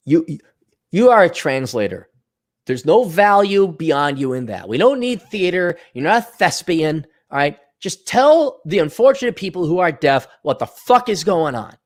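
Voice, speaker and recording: A man hosting a podcast, delivering a profane, sarcastic solo rant with scornful asides. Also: a little high. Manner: animated, mocking voices in quotes. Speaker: podcast host. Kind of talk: ranting solo commentary.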